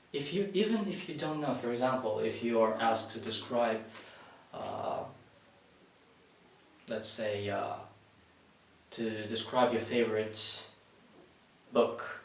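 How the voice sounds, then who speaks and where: A man whose first language is Russian teaches an English speaking-exam lesson, explaining tips and often restarting and correcting himself. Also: medium pitch. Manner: instructive, with frequent restarts and self-corrections. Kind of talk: spoken exam-prep lesson. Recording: very echoey room, far from the mic, faint hiss.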